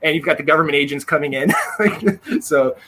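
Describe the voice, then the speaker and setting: A man's voice: fairly high pitch, fairly quick, sharp tone. A man, a game designer, talking as a guest in a casual interview in an earnest, thoughtful way with many ums.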